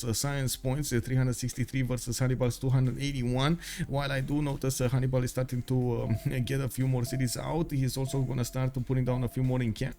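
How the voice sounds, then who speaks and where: A man's voice: medium pitch, warm tone. Male stream caster, mid-range voice, chatty, filler-heavy play-by-play. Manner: frequent "uh" fillers, casual chatty asides to viewers. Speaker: stream caster for a strategy game tournament. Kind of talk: live esports commentary on a stream.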